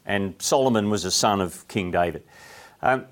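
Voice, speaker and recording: A man's voice: on the low side, sing-song, a little fast. A middle-aged Australian man giving a conversational sermon, chatty and asking his listeners questions as he explains a text. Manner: chatty, asks the audience questions, frequent restarts. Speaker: preacher.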